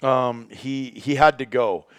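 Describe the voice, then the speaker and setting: A man's voice: medium pitch, slow, smooth, no echo, clean studio sound. A man hosting a podcast in casual chat, joking and rambling as he talks. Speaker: podcast host.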